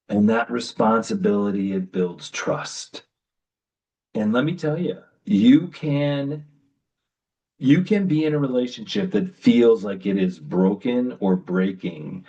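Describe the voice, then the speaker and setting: Male relationship coach, webinar talk, slow and emphatic, dull distant audio. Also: fairly low pitch, mellow. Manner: slow, emphatic, with deliberate pauses.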